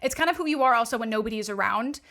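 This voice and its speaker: Bright, fast-talking young woman coach. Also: a little high, animated. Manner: chatty, upbeat, heavy use of "like". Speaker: astrology and alignment coach guest. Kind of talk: casual podcast chat.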